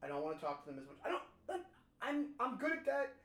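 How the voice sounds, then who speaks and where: Male podcast co-host, animated storyteller, in a roomy echoing room. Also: extremely high pitch, fast. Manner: animated, swearing, acts out quoted voices. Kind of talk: casual chat, storytelling.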